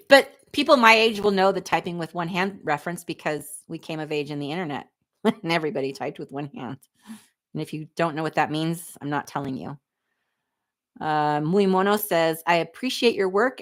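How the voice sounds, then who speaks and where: A lowish-voiced woman in her forties, chatting on a livestream. She reads viewer comments and answers them with candid, snarky asides. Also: moderate pace, sharp tone. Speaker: livestream host reading chat. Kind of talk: casual livestream chat.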